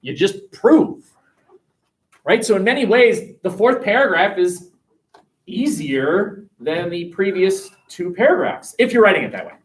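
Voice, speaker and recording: Lively, joking male history teacher. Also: sits high, a little slow. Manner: animated and joking, with rhetorical questions. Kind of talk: classroom lecture. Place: classroom. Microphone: webcam.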